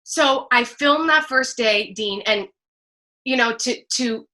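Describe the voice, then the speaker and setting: A woman from New Jersey, a guest telling an animated personal story, laughing often and acting out what people said. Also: fairly high pitch, takes it slowly. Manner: expressive, laughs often, acts out quotes. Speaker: guest, speaker.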